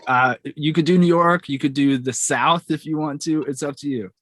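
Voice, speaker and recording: A man's voice: a little high, steady tone, moderate pace, a bit bright, no echo. Upbeat man hosting, dry close sound. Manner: upbeat, friendly, chatty questions. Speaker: podcast host. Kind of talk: casual podcast interview.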